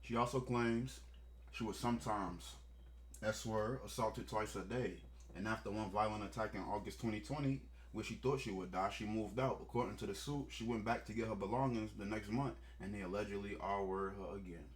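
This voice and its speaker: A man with a fairly low voice talks through a story in casual reaction commentary. He breaks off into joking, profane asides and speaks bluntly. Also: steady tone, normal speed. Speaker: commentary host.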